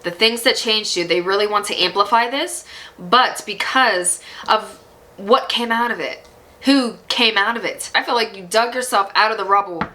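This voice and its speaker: Woman tarot reader, bright clear voice, encouraging, speaks to the viewer, laughs often. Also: medium pitch, moderate pace, a little hiss or hum, poor audio. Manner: emotional and animated at times. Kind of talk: psychic tarot reading.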